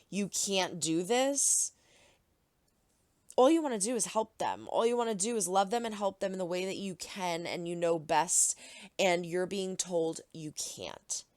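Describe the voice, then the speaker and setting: A woman's voice: medium pitch, a little mellow, dry recording, studio quality. Earnest woman reacting to a TV episode. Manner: earnest, emotional. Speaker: reaction video host. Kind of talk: casual reaction commentary.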